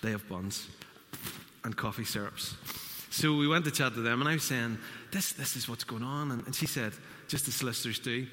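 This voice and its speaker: A man's voice: mid-range voice, moderate pace, pushed and bright, a little hiss or hum. A man preaching a sermon, telling a story and acting out the quotes. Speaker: pastor. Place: church hall. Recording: church hall reverb.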